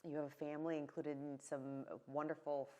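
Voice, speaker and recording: A woman's voice: sits low, little pitch movement, a little fast, dark tone. A woman interviewing a guest, encouraging and conversational. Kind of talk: casual interview.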